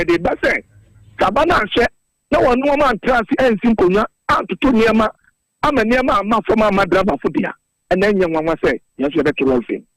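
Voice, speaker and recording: A man's voice: high-pitched, no room sound, low-quality recording. A man from Ghana speaking as a drivers' union spokesman in a radio interview, earnestly reeling off prices and figures.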